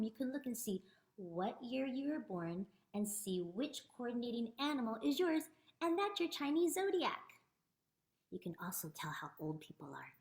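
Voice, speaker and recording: Lively woman reading to kids. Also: mid-range voice. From United States. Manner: animated storybook reading with teacherly asides. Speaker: children's author. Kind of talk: reading aloud and teaching children.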